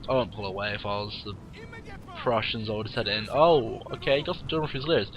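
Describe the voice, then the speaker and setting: A man's voice: on the low side, fast, lo-fi sound, background noise. A tired man who yawns now and then, giving casual, rambling, blunt commentary on a game replay and swearing freely. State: tired, yawning.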